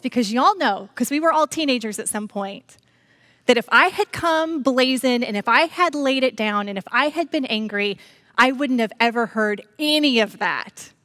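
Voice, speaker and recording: Middle-aged woman preacher, animated sermon storyteller, slightly high voice, dry close mic. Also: moderate pace, no room sound. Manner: animated storytelling, addresses congregation as y'all. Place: church.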